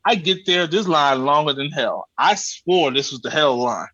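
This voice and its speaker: Recorded muffled but with no echo, this slightly high-voiced man speaks at a measured pace. Guesting on a podcast, he animatedly acts out exasperated exchanges with people from his comic travel story, chatting colloquially and swearing casually.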